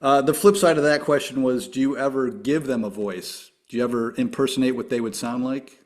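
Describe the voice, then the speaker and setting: A man's voice: medium pitch, brisk. Friendly male podcast host. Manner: friendly, steady questioning. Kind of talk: podcast interview questions.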